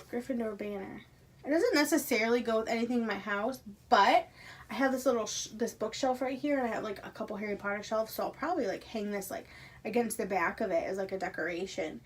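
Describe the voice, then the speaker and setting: Gushing excitable young-sounding woman. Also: on the high side, slight background noise. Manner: gushing, excitable, drops to whispers. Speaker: vlogger unboxing a subscription box. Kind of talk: casual unboxing vlog. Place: at home.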